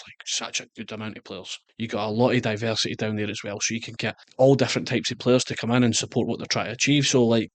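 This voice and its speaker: A Scottish man in his thirties, appearing as a guest soccer coach in a casual interview, tells animated stories and slips into quoted voices. He speaks at a medium pitch, with no echo on the audio.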